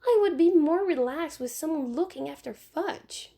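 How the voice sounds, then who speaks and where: A woman doing a calm practical mother. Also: sits high, moderate pace, pitched above the performer's own voice. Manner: mild and matter-of-fact.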